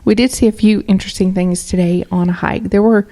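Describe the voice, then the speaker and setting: A woman's voice: mid-range voice, fairly even intonation, brisk, dark tone. A woman co-hosting a paranormal radio show who tells a story in a chatty, rambling way with many fillers. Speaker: co-host. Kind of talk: casual podcast chat.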